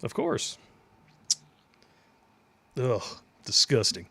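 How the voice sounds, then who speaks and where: A man's voice: mid-range voice, wildly swooping pitch, extremely slow, creaky, bright, forceful tone, slightly rough. A man co-hosting a casual livestream talk show, reading viewer donations with a sarcastic, mocking edge and frequent laughter. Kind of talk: casual chat.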